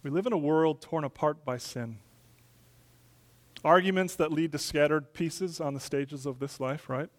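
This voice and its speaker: A middle-aged man preaching a sermon as pastor, building to loud emphatic peaks and dropping soft. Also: a little high, normal speed.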